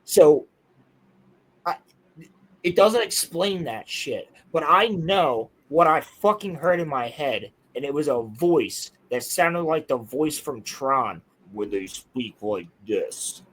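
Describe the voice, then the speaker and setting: A young man telling a strange personal story in casual podcast chat, excitable, insistent and full of swearing. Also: fairly high pitch, slow pace, slightly rough, rough recording.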